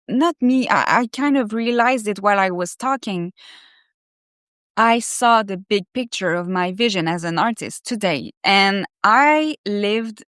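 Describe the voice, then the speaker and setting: A woman talking straight to her live audience, part reading from her own writing and part riffing on it. She sounds candid and effusive, and she swears freely. Her pitch sits in the middle of the usual range, and the sound is dry and close, with no room echo. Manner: candid, profanity-laced, self-reflective; animated and effusive. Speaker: live-stream host.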